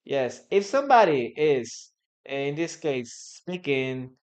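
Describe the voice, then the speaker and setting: Man, Peruvian Spanish accent, live online English teacher, unhurried, repeats phrases, greets viewers. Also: medium pitch, big pitch swings, darkish tone. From Peru. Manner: greets viewers by name and reads chat aloud; repeats phrases slowly for learners.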